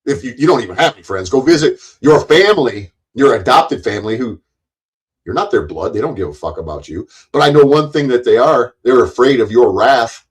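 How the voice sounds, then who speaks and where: Poor audio captures a medium-pitched, animated male voice with a breathy edge, moving fairly quickly. He's a middle-aged YouTube commentator unloading an angry rant on camera: taunting, combative, heavy with swearing, and stumbling on words he repeats when restarting.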